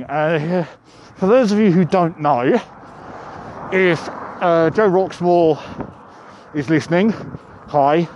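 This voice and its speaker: A man in a face mask talks chattily to his podcast listeners as he walks along a street. His voice sits a little high and comes through muffled by the mask. Wind buffets the mic, and city ambience runs underneath. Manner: chatty, addresses listeners directly. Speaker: podcast host. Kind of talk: casual walking monologue. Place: outdoors on a street, walking. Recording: wind noise outdoors. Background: wind and urban street ambience.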